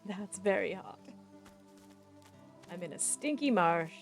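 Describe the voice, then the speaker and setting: A middle-aged woman streaming a video game, chatting excitably and swearing freely as she plays. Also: mid-range voice, slow, creaky, faint music behind. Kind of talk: casual game-streaming commentary.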